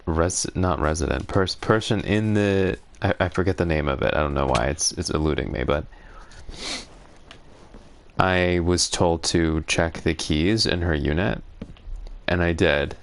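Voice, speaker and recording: A man's voice: low-pitched, a little slow, gravelly, a little hiss or hum. A man rambling sarcastically through an indignant story while gaming, laughing often. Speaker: gaming streamer. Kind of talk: casual storytelling while playing.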